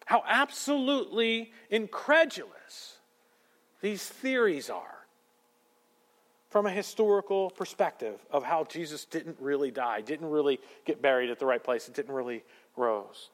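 Male pastor, slightly high voice, dramatic loud-to-hushed sermon delivery, long hall reverb. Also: expressive, a little slow, pauses often. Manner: swings from loud proclaiming to hushed intensity.

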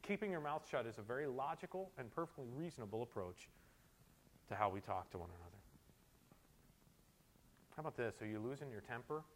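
A middle-aged man preaching a sermon as a pastor, moving between quiet storytelling asides and forceful exhortations. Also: medium pitch, expressive, fairly quick, pauses often.

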